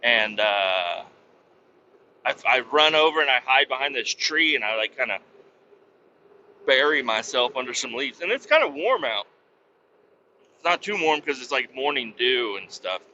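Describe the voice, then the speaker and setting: A man's voice: mid-range voice, animated, moderate pace, long pauses, pushed and bright, dull audio, slight background noise. A man hosting a podcast, telling an absurd story in a rambling, profane way with many fillers. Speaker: podcast host. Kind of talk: comic storytelling.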